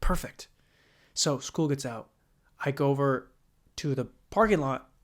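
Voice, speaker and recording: Telling a profane, meandering story on his own, this young podcast host speaks at an unhurried pace in a medium-pitched voice. He performs the quoted voices himself, keeping the solo storytelling casual.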